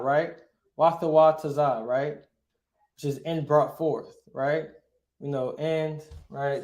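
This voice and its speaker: A man teaching a casual online language class, checking in with "right?" after nearly every phrase and sounding out words slowly. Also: on the high side, a little mellow. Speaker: Hebrew teacher. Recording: echoey room.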